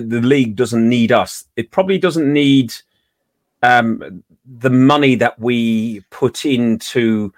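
Male co-host, jokey and excitable, trips over his words, mid-pitched, dry recording. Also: no room sound. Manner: animated, stumbling restarts, joking. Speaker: podcast co-host. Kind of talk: casual chat.

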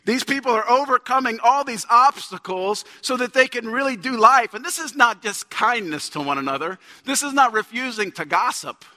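A man's voice: very high voice, lively intonation, normal speed, few pauses, bright, forceful tone. A man in his thirties preaching a conversational sermon as a pastor, building up to emphatic peaks. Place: church sanctuary. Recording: long church hall reverb.

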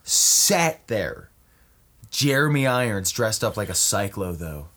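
A man in comedic banter, pitching absurd movie ideas in an excitable, profane way and constantly asking "right?". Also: slow.

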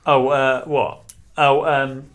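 A man in casual chat, joking and teasing, bursting into loud laughter. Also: mid-range voice, little pitch movement, slow pace.

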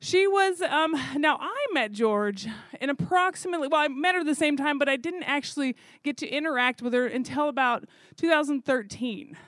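A woman who coordinates zoo volunteers, telling a story in a chatty, animated way with fillers. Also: sits high, moderate pace, dry recording. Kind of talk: casual storytelling.

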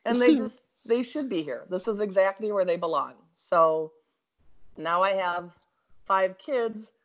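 A woman with a Minnesota accent telling a story in a casual chat, animated and quick to laugh. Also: mid-range voice. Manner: animated, laughs often, talks in bursts. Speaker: guest storyteller. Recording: slightly dull lo-fi audio.

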